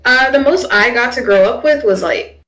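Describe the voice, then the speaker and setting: A woman's voice: on the high side, moderate pace, fairly bright tone, poor audio. A young woman streamer chatting casually while she draws, rambling with lots of fillers. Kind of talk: casual chat while drawing.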